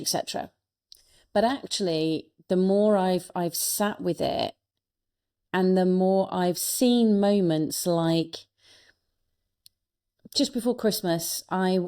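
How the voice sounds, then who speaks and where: Earnest low-voiced woman telling a story. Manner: warm, earnest storytelling with frequent restarts. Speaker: guest, speaker and coach. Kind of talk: reflective storytelling in a podcast interview.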